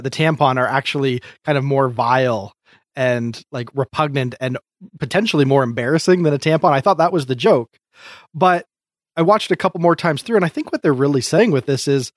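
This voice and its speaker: A man co-hosting a laid-back podcast, mid-pitched and easygoing. He reviews comedy sketches in loose, hesitant sentences full of restarts and fillers. The sound is dry and close to the mic. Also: no echo. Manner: chatty, hesitant restarts, frequent laughs. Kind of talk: casual podcast chat.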